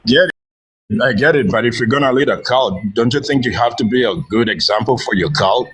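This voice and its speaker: A male caller on a livestream debate, pushing back and repeating himself to get a word in. His pitch sits mid-range and plain. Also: brisk, a bit bright, breathy edge, poor audio. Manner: insistent, repeats short phrases. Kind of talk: call-in argument.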